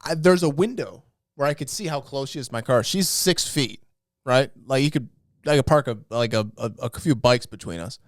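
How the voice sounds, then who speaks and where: A man's voice: mid-range voice, normal speed, dry recording, studio quality. A man co-hosting a comedy podcast, telling profane, ranting stories in casual chat. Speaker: podcast co-host.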